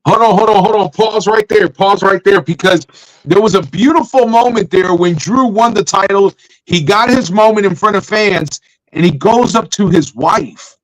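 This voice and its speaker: A man co-hosting a podcast, recapping a wrestling match in an animated storytelling way and acting out his own reactions. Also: high voice, normal speed, rough recording. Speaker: podcast co-host.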